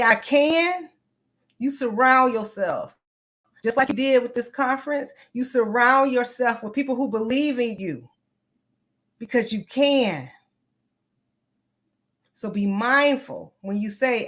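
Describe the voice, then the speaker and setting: A woman's voice: fairly high pitch, fairly bright tone. A woman therapist and coach, giving an emphatic, motivational conference talk over a video call. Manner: emphatic, motivational, addresses audience as y'all.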